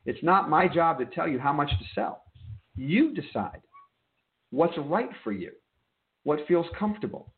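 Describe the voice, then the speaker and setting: A man's voice: on the high side, big pitch swings, unhurried, pauses often. A man hosting a trading desk meeting, explaining market lessons in an emphatic way and checking in with listeners by asking "okay?". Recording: narrow phone-like audio.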